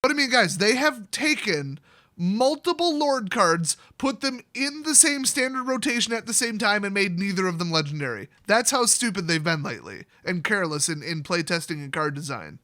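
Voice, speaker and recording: High-voiced sarcastic man ranting. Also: expressive, normal speed, sharp tone, no room sound, studio quality. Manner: sarcastic, ranting, jokey asides. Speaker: card game video host. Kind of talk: comedic card review vlog.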